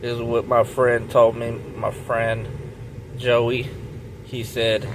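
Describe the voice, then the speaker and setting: A man telling a profane, rambling comic story, retelling what a friend said with loud swings in his voice. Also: medium pitch, completely flat delivery, slow pace, noisy background. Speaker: comedian.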